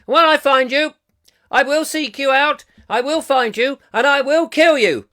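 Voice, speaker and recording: A man on a live comic chat show putting on a high, squeaky voice for a cheerful middle-aged bloke. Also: measured pace, pushed and bright, heavily acted. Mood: cheery menace.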